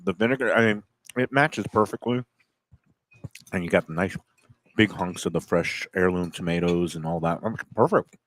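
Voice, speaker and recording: A man's voice: low-pitched, moderate pace, a bit bright, a little hiss or hum. A man hosting a TV lifestyle show, chatting upbeat about food as he tastes it. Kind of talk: casual chat and food tasting.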